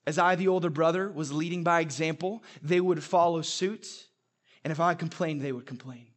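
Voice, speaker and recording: A man's voice: fairly high pitch, normal speed. A young adult man preaching a sermon, telling stories with humor and emphatic repetition. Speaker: pastor.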